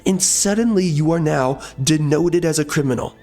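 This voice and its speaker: A man with a fairly high, hoarse voice talks through a strategy game, ranting in a blunt, casual way. He peppers his talk with mild minced swears, and faint game music plays underneath. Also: normal speed, a little mellow. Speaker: gameplay commentator. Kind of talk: casual gameplay commentary.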